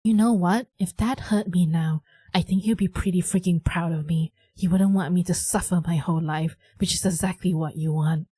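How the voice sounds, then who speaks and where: A woman voicing a moody, sarcastic teenage girl from a story-driven game, reading her lines aloud in a bratty tone that turns to shouting when upset. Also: fairly low pitch, fairly even intonation, moderate pace, husky, no echo. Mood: furious.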